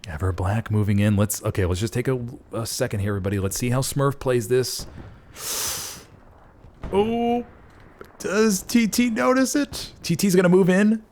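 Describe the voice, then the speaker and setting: A man casting a competitive online shooter match play-by-play, folksy and excitable, jumping up in pitch at big plays. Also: normal speed, slight background noise. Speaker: esports caster. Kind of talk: play-by-play game commentary.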